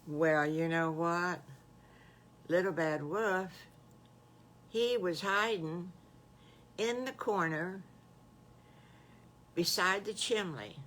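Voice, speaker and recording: An older woman, a great-grandmother, improvising a children's story in a gentle, folksy, homespun way. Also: on the low side, drawn-out words, long pauses, slight background noise.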